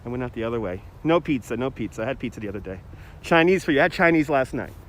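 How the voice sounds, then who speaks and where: Walking through a city park on a casual livestream, a man rambles and replies to comments from viewers, using a phone on a handheld gimbal. His medium-pitched voice is animated and racing, and a little hiss or hum is audible.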